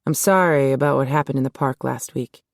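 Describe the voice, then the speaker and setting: A woman voicing a gruff, guarded male cop who speaks low and tersely in an audiobook. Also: a little fast, no echo, studio quality.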